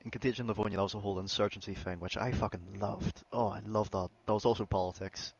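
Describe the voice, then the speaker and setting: A man's voice: fairly low pitch, fairly even intonation, fast, husky, dull audio. A man, a guest on a podcast, chatting casually, bantering and swearing freely. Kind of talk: casual chat.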